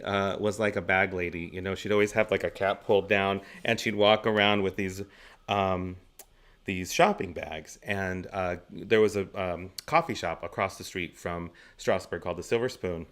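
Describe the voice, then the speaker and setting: A man's voice: sits low, a little slow, fairly bright tone, clean tone. A man in his forties, a guest actor on an interview show, telling chatty anecdotes and laughing often between stories. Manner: gives practical stage tips.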